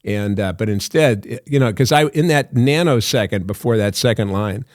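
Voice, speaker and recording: A man's voice: fairly low pitch, normal speed, no echo, clean studio sound. An older man, an actor guest on a podcast, telling long anecdotes full of fillers and laughs. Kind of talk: storytelling in a podcast interview.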